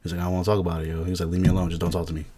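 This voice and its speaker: A man's voice: low-pitched, rapid-fire. A young man from DC, co-hosting a podcast and telling stories in a casual chat, acting out what people said between laughs. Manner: animated storytelling, acts out quotes with laughter. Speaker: podcast co-host.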